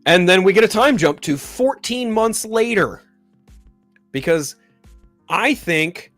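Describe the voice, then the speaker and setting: A man hosting a solo live stream, chatting casually and profanely about a film and reading viewer comments. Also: fairly high pitch. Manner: profane, ranting, rises into loud exasperation.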